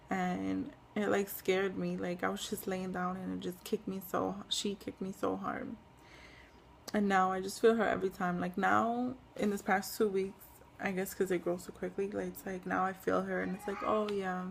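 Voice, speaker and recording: A woman's voice: medium pitch, level tone, moderate pace, gravelly, a little hiss or hum. A young woman chatting casually in a pregnancy vlog, rambling with lots of fillers and short of breath. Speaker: pregnancy vlogger. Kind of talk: casual chat.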